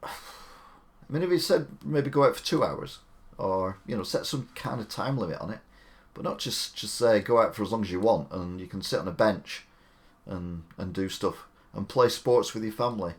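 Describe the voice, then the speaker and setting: Male streamer, slightly low voice, casual and opinionated, rambles. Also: normal speed. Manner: chatty, opinionated, rambling asides. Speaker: live-stream host. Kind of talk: casual live-stream commentary.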